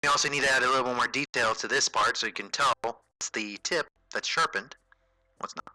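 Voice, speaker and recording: A man hosting a livestream drawing tutorial, narrating casually as he works and thinking aloud with fillers and quick self-corrections. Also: medium pitch, sharp tone, no echo, rough recording.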